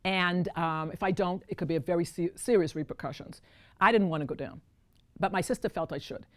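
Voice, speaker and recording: This woman's voice is fairly low and brisk as she performs a storytelling show alone on stage. Full of animation, she talks straight to the crowd, calling them folks.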